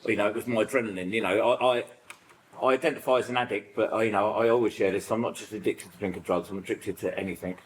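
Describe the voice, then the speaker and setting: Telling a support group about growing up, a middle-aged man with a British accent talks quickly in a lowish voice. His storytelling is rambling and lively, full of fillers and quotes he acts out, and the recording sounds rough.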